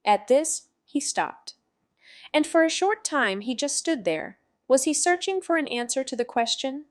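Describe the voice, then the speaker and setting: A woman narrating an audiobook in a measured, subdued way. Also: high voice, lively intonation, no room sound, clean studio sound. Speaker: audiobook reader.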